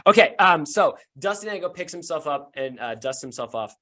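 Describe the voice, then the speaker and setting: A man's voice: on the high side, expressive, a little fast, bright, forceful tone. Man improvising as game master. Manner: loose, improvised narration. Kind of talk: narrating a tabletop game.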